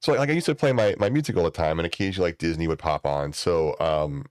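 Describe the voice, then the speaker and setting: Deep-voiced man telling rambling stories. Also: fast talker, no echo, studio quality. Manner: rambling anecdotes, swears freely, acts out voices high and loud. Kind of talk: casual storytelling chat.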